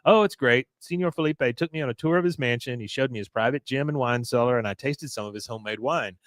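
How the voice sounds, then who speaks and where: A man's voice: medium pitch, quick pace, a bit bright, no echo, close to an everyday voice. A man voicing a prim, self-assured middle-aged housewife in a chirpy, proper tone.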